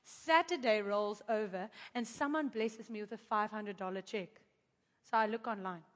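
A woman preacher telling a testimony to her audience in an animated, chatty way, with asides to the crowd. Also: medium pitch, normal speed. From South Africa. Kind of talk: testimony in a sermon. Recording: long hall reverb.

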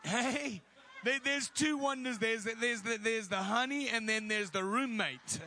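High, bright-voiced male preacher. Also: takes it slowly, slight background noise. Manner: animated, laughing, loud outbursts of prayer. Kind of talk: sermon storytelling.

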